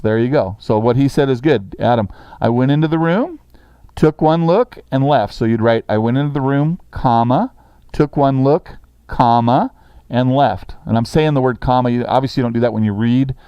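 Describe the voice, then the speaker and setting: A middle-aged man teaching a sixth-grade language lesson in a classroom, brisk and encouraging, reading sentences slowly for students to copy. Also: medium pitch, dark tone, smooth, no echo, dull audio.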